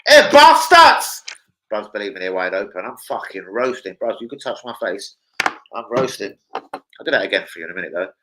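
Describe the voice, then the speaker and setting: Excitable, swearing lad streaming. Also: male voice, on the low side, brisk, slight background noise, rough recording. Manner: excitable, swears a lot, shouts bursts of football reactions. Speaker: football fan live streamer. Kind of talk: casual live stream chat.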